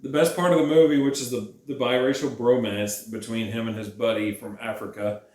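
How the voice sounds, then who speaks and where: A man's voice: medium pitch, fairly even intonation, a little fast, a little mellow. A drunk man riffing casually and sarcastically on a movie he just watched. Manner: rambling, sarcastic, laughing. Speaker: podcast host. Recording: roomy echo.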